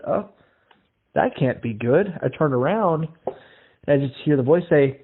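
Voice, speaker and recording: A man's voice: medium pitch, normal speed. A male podcast host from Iowa, telling stories in casual chat, acting out the voices in them and swearing freely. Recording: tinny phone-like lo-fi audio.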